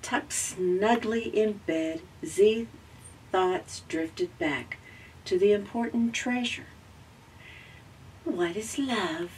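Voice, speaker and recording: A woman with a Southern American accent reading a children's picture book aloud, gently and slowly, lifting her voice for the characters. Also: mid-range voice, far from the mic, a little hiss or hum. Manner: gentle, slow storytelling with raised voices for characters.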